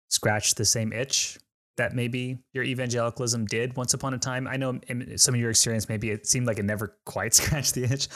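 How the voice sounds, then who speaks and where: A man hosting a podcast, relaxed and loose in his phrasing, laughing easily with his guest. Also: medium pitch. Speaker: podcast host. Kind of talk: casual interview chat.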